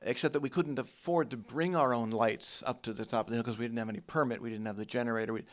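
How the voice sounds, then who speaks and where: An older man speaks on a film panel with an easygoing, rambling manner, casually recalling past work. He talks in a relaxed, unhurried way onstage. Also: medium pitch. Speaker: cinematographer on a panel. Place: film center stage before an audience.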